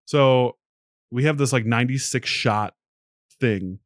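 A man's voice: medium pitch, unhurried, no room sound, clean studio sound. A man co-hosting a podcast, telling a story casually and laughing through his words. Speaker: podcast co-host.

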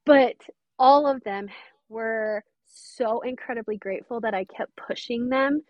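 A woman's voice: a little high, a little slow, no echo, highs cut off. A woman mentor talking earnestly and emphatically in an interview. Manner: earnest, emphatic, quotes others often. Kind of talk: interview conversation.

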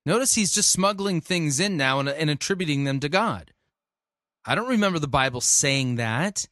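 A man's voice: a little high, expressive, normal speed, a bit bright, no room sound, studio quality. A man reviewing a sermon, skeptical and challenging, repeating the preacher's phrases back to question them. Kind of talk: critical commentary.

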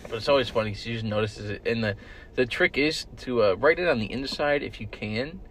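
A young man co-hosts a casual podcast from a car with friends, rambling through stories, swearing often and shouting the lines he quotes. His voice is medium-pitched and a little fast. Slight background noise is present.

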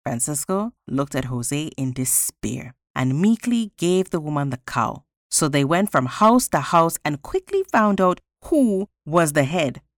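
Woman storyteller, folktale reading, lively sing-song pitch, dry close sound. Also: unhurried, few pauses, no room sound.

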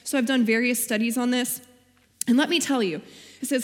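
A woman's voice: on the high side, steady tone, fairly quick, pauses often. Earnest woman preaching in a hall. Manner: earnest, personal storytelling with Bible quotes. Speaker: guest speaker. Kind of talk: sermon.

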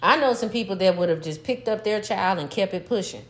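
A middle-aged woman telling a story in casual chat, animated and profane, breaking into laughter. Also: medium pitch, brisk. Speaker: podcast co-host, mother.

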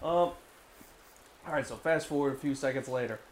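A man casually recapping a cartoon episode on a podcast, profane and animated, slipping into voices. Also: medium pitch, normal speed, slight background noise. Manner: profane, animated retelling with put-on quotes. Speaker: podcast co-host.

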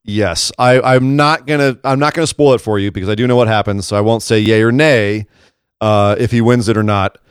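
A man's voice: fairly low pitch, steady tone, brisk, smooth, no room sound, clean studio sound. A man co-hosting a podcast, chatting casually and animatedly about wrestling, often laughing and acting out quotes. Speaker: podcast co-host. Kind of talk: casual wrestling recap chat.

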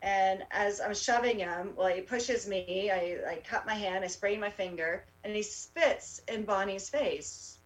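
A woman, a rally organizer, tells her story in a casual interview, halting often with fillers and restarts. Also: medium pitch, far from the mic, poor audio. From Canada.

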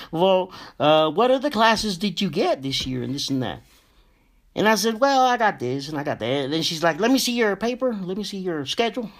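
A young man hosting a show, telling a personal story in a slow, emotional, profane way and often calling out to his listeners. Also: fairly high pitch. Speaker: podcast host.

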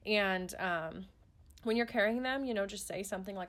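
On a podcast, a mother talks in an easygoing, sincere way, often restarting and using fillers. Her voice is mid-range and her pace moderate.

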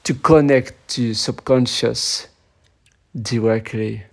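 Slow hoarse guy cohosting a podcast, halting, hunts for words. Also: medium pitch, steady tone. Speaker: podcast co-host. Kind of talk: casual chat.

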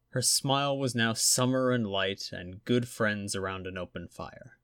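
A man reading a story aloud with steady storytelling. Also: fairly low pitch, normal speed, few pauses, no room sound, clean studio sound. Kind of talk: audiobook narration.

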